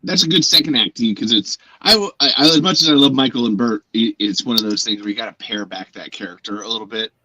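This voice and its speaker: A man's voice: mid-range voice, fast talker, few pauses, pushed and bright, poor audio. A man hosting a casual chat show, joking and swearing, who now and then slips into silly put-on voices. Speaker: podcast host.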